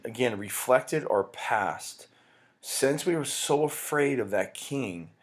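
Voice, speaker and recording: A male teacher giving a casual, rambling recorded lecture, often breaking off mid-sentence. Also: medium pitch. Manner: casual, rambling, self-interrupting.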